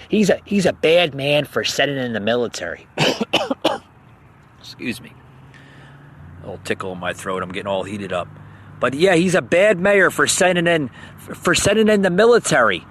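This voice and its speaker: Man, podcast host, heated rant, fairly high voice, stammers and repeats, sarcastic jabs. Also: expressive, moderate pace, long pauses, a bit bright, a little hiss or hum. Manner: mocking sarcastic outbursts. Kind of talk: ranting political commentary.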